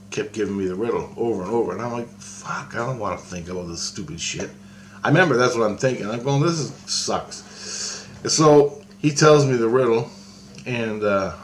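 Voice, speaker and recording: A man casually recounting a personal experience, rambling and halting, with many restarts and some swearing. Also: lowish voice, a little hiss or hum. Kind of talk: casual spoken anecdote.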